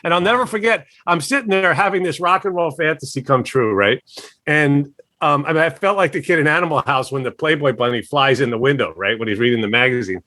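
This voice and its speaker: A man, a record executive, telling a profane, animated story in a casual interview, acting out the quotes. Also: fairly high pitch, fast, dry recording.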